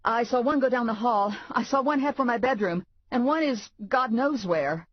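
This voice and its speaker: A woman voicing a rattled young female bounty hunter, shrill and jumpy, in an audiobook. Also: normal speed, dry recording, dull audio, close to an everyday voice.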